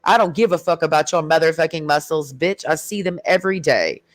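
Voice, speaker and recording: A woman's voice: sits low, animated, fairly quick, dry recording. A woman ranting in a heated, sarcastic and profane way in a casual vlog. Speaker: vlogger. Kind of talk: casual rant.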